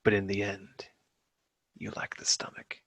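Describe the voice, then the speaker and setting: A man voicing a menacing armored warrior, speaking slowly in a deep whisper. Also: completely flat delivery, vocal fry, a bit bright, dry recording, full character voice. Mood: ominous. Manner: slow, solemn pronouncements. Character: menacing armored male warrior, cold and ominous.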